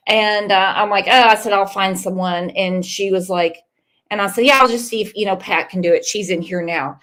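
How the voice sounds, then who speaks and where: A woman's voice: mid-range voice, fairly even intonation, normal speed, fairly bright tone. A woman with an American accent hosting a casual panel chat on a true crime channel, chatty and emphatic, cursing freely.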